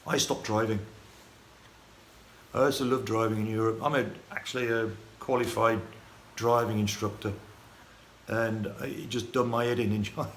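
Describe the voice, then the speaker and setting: A medium-pitched man from the United Kingdom tells his life story in a casual vlog monologue, rambling and halting with many restarts, fillers and chuckles. It's recorded in an echoey room with faint ambient noise.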